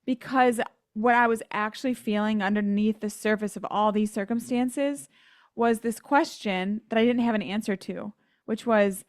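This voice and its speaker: A woman's voice: mid-range voice, moderate pace, dry recording, clean studio sound. An American woman telling her faith story as a podcast guest, earnest and sometimes emotional, acting out the people she quotes. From United States. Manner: earnest storytelling, acts out quoted voices, laughs at herself. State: emotional at times. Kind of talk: faith testimony in an interview.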